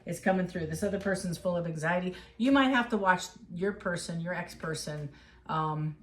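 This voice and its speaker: A woman's voice: fairly low pitch, normal speed, a bit bright. A woman giving a casual tarot reading, talking straight to the viewer in an encouraging, emotional way. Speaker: tarot reader.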